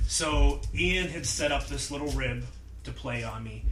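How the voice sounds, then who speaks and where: A man telling a story in casual chat, animated and acting out quotes in loud voices. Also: mid-range voice, measured pace. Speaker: podcast guest. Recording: roomy, distant mic with clear noise.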